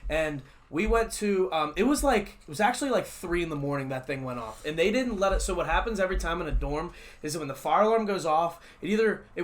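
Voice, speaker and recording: A young man with a fairly high voice hosts a casual podcast chat. He tells long, rambling stories and laughs often. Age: young adult. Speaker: podcast host.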